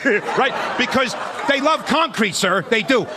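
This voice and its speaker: A man's voice: very high voice, big pitch swings, fairly quick. A man doing a stand-up comedy set on a club stage, talking conversationally and checking in with the crowd, sometimes acting out people in put-on voices. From Irish-American, New Jersey area. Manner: acts out relatives and strangers in put-on voices. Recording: live club recording with crowd laughter and noise. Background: audience laughter and club noise.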